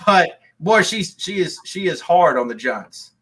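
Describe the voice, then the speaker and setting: A man's voice: sits high, lively intonation, unhurried, pushed and bright. A man hosting a live call-in stream, chatting casually and rambling with lots of restarts.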